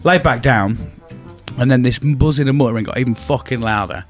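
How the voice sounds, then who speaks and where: A man's voice: medium pitch, a little fast, faint music behind. A young English man with an English accent telling a ghost story in casual podcast chat, swearing often and acting out what was said. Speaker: podcast co-host.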